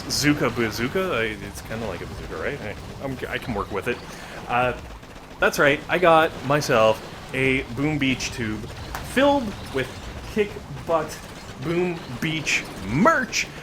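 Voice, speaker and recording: A man's voice: medium pitch, background noise. A man giving casual, rambling gameplay commentary with joking asides. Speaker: gaming video creator.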